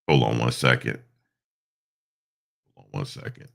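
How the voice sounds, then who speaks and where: A man's voice: a bass voice, gravelly, fairly bright tone. A stuffed-up man hosting a casual live stream, rambling through stories with lots of fillers. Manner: rambling storytelling with many fillers.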